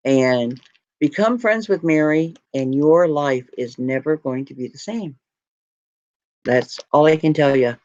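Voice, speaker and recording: A woman's voice: low-pitched, unhurried, a little mellow. A woman talks on a live stream in a heartfelt, rambling way, full of gratitude and close to tears. The sound is dry, with no room echo. The audio is a little muffled and lo-fi. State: tearing up. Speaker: jewelry live stream host. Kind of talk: casual live stream chat.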